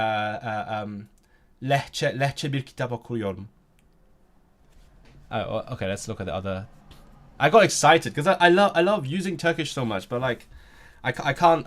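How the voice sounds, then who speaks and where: A young man with a medium-pitched voice hosts a casual language-learning live stream. He reacts to chat, often restarts his sentences, and tries out halting phrases in Turkish and Welsh.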